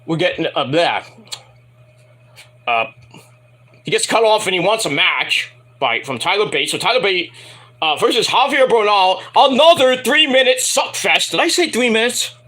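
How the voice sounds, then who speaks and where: A man's voice: high voice, lively intonation, normal speed, pauses often, bright, forceful tone. A man reviewing a wrestling show in a casual, profane, rambling and jokey solo commentary.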